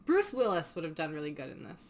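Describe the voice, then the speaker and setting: A woman's voice: deep voice, big pitch swings, fast talker, a little hiss or hum. A young woman hosting a casual podcast, recapping a film in a chatty way, laughing often and swearing casually. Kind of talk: casual chat.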